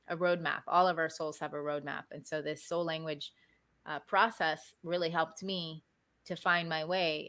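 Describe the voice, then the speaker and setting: A woman guest speaker and coach, talking casually in an interview, animated and often asking "right?". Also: low-pitched.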